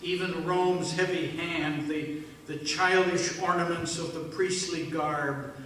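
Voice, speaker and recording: A man delivering a slow, solemn first-person dramatic monologue in a church service, with hushed pauses. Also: a little high, fairly even intonation, slight background noise. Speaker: worship leader. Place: church sanctuary. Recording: echoey room, mic at a distance.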